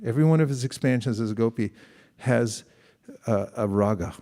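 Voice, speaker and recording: Mellow-voiced man giving a talk. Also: mid-range voice, brisk. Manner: conversational, questions the audience, acts out quoted exchanges. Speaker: spiritual teacher. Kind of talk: sermon to a live audience.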